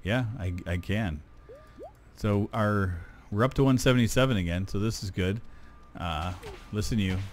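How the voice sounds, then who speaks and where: A man's voice: on the low side, moderate pace, slight background noise. Rambling man chatting while gaming. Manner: rambling, self-deprecating, many fillers. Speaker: gameplay video host. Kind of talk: casual gaming commentary.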